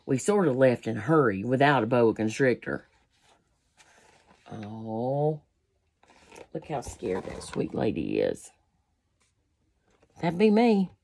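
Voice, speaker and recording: A woman's voice: a bass voice, huge pitch swings, takes it slowly, gravelly, long pauses, a little mellow. A woman reading a children's picture book aloud, breaking off for folksy asides to her listeners. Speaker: storybook reader.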